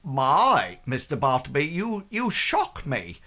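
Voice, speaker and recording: Guy doing a posh-ish shrewd lady fixer, lively pitch, bright voice, tabletop game bit. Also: slow pace, exaggerated voice. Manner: polite, dry, upper-class put-on speech. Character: shrewd adult woman fixer in the slums.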